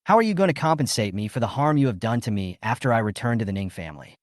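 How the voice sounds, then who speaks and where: A man's voice: mid-range voice, animated, fast talker, no room sound, studio quality, lightly acted. A man voicing an icy, sneering young man. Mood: cold, sneering. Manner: icy and contemptuous.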